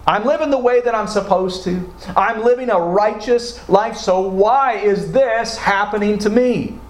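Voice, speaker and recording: A man's voice: high voice, unhurried, hardly any pauses. A man preaching a sermon as pastor, acting out quoted prayers with rising feeling. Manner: expressive, acts out quoted prayers with rising emotion. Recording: roomy echo.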